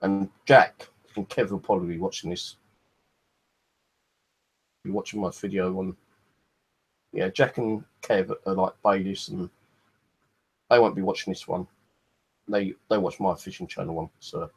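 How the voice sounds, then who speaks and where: Low husky man, rambling casual vlog chat, sweary, full of fillers. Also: steady tone, a little slow, pauses often. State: hot and thirsty. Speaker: vlogger.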